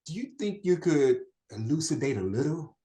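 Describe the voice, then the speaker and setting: A man's voice: a little high, very animated, normal speed, warm tone. A man acting an online stage scene as a bewildered old friend, answering in puzzled short replies. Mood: baffled. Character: baffled, slow-on-the-uptake male old friend. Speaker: acting student. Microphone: video call. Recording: echoey room.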